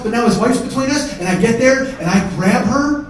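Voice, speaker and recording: A comedian telling a story on a theater stage, profane, swinging from shouting to hushed. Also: male voice, sits high, fairly quick, hardly any pauses, slight background noise. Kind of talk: stand-up storytelling. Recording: echoey theater from far off.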